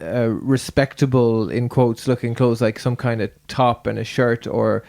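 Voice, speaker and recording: A man's voice: mid-range voice, steady tone, normal speed, gravelly, darkish tone. A man hosting a podcast in a loose, casual chat, rambling with lots of fillers and restarts. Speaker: podcast host.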